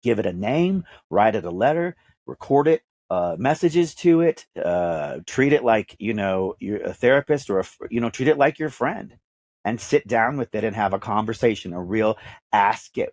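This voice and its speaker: A man's voice: lowish voice, animated, moderate pace, a little mellow, dry recording. A man in his fifties with a Texan accent, a podcast host being interviewed, telling his life story in an earnest, emphatic way with repeated phrases. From Dallas, Texas. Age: 50s. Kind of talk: candid personal storytelling.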